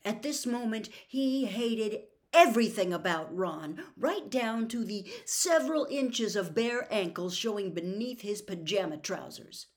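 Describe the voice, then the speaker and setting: A woman reading a novel aloud as a serialized storytime episode, softly, slipping into a whisper at tense moments. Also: mid-range voice, expressive, measured pace. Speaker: audiobook reader.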